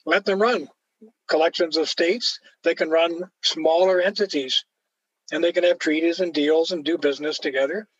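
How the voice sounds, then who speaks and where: A man's voice: a little high, fairly even intonation, normal speed, fairly bright tone, no echo. Emphatic Canadian man, dull dry recording. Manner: storytelling, emphatic, acts out quoted voices. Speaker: author guest. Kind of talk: opinionated conversation.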